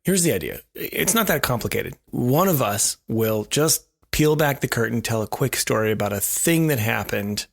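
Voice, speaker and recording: A man's voice: medium pitch, animated, moderate pace, creaky, hardly any pauses. A man co-hosting a podcast, telling a self-deprecating story in a wry, casual way. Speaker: podcast co-host.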